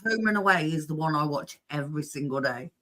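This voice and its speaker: A woman's voice: sits low, lively intonation, fairly quick, sharp tone. A woman in casual chat on a livestream, talking in a chatty, teasing way.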